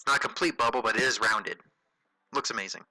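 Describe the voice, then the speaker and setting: Bright-voiced man casually talking through a drawing. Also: mid-range voice, quick pace, no echo, poor audio. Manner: relaxed, chatty, thinks aloud with frequent fillers and self-corrections. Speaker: host of a drawing tutorial livestream. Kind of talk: casual livestream tutorial, narrating while drawing.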